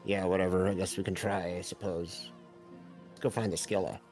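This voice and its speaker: Low-voiced man playing a tabletop game. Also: flat delivery, brisk, darkish tone, soft background music. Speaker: player.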